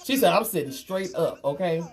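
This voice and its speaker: A woman, hosting a casual makeup livestream and chatting warmly with viewers. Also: fairly low pitch, animated, brisk. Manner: chatty, reads viewer comments aloud, calls them girl and honey. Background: faint Christmas music.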